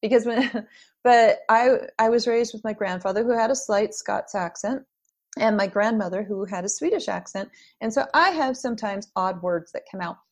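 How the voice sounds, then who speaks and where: A middle-aged woman being interviewed as an author, chatting in a lively, storytelling way and laughing often. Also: mid-range voice, moderate pace. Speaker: guest author. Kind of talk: casual interview chat.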